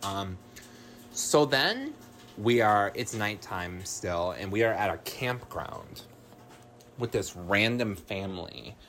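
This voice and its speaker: Brief: relaxed recap host, slow delivery, filler-heavy, foul-mouthed, faint background hiss. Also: low-pitched. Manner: rambling, filler-heavy, swears freely. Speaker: podcast host. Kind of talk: casual film recap.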